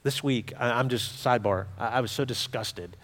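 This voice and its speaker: A man preaching a sermon as a pastor, talking to the congregation in a conversational way that swings between forceful emphasis and quiet asides. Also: mid-range voice, normal speed. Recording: long hall reverb.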